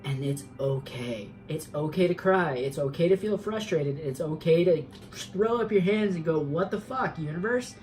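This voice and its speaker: A woman's voice: sits low, moderate pace, warm tone, soft background music, rough recording. A woman giving an earnest, emphatic tarot reading, repeating herself and swearing for emphasis. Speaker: tarot reader. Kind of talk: spoken tarot reading, motivational.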